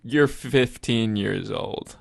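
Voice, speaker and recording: A man's voice: lowish voice, slow pace, vocal fry, no echo. A young man with a Texan accent, co-hosting a casual movie podcast and telling a story in a loose, profane way. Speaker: podcast co-host. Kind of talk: casual chat.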